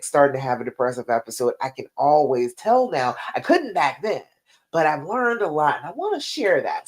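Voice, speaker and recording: A woman relationship coach hosting a live-stream advice chat, talking to viewers in an emphatic, animated way. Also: sits low.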